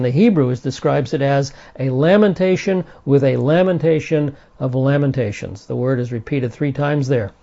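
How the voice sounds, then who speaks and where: Gravelly mellow-voiced male Bible teacher. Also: medium pitch. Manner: explanatory, repeats key points, checks in with "okay". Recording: dull lo-fi recording.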